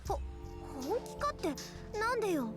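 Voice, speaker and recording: Haughty young mage girl for a visual novel, high, rapid, swooping delivery, game music behind. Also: sing-song. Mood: indignant. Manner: haughty, snappish. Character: proud, fiery young female mage.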